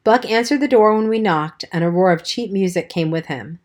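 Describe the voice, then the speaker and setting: A woman reading a novel aloud as an audiobook narrator, in a steady storytelling manner. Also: mid-range voice, fairly quick. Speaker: audiobook reader. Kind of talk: scripted narration.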